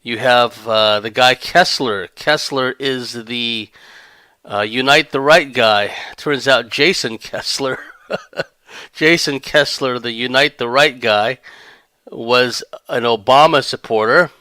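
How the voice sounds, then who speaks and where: Male podcast host, rambling sardonic commentary, smooth and resonant voice. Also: medium pitch, slow pace, pushed and bright, no echo. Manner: rambling, sardonic, breaks into laughter. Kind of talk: monologue commentary.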